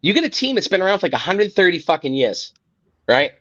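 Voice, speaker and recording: Guy ranting on a podcast, cussing a lot, kinda high voice, muffled dry audio. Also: very animated, quick pace, fairly bright tone. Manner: heated, profane, exasperated. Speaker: podcast host. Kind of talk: casual sports rant.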